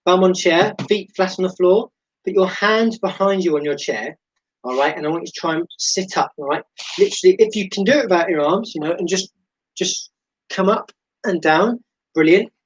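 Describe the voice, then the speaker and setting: A man with a slightly higher-pitched voice coaches a home workout class over a live stream. He talks the viewers through each move with encouraging cues. Now and then he adds chatty, self-deprecating remarks. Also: normal speed, breathy edge, rough recording. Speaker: fitness instructor.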